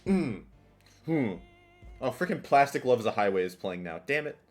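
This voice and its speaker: A man's voice: mid-range voice, very animated, normal speed, pauses often, a little hiss or hum. A man streaming live, chatting casually in a rambling, self-mocking way and often restarting his sentences. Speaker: streamer playing a party game. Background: faint background music.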